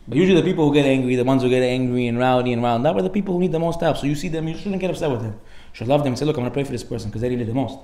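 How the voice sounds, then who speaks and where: A man giving a casual, lively Torah class, acting out the people in his stories with sudden loud outbursts and mixing Hebrew terms into everyday English. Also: a little high, racing, hardly any pauses, reverberant. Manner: animated storyteller, acts out characters with sudden loud outbursts. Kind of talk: lively informal Torah lecture.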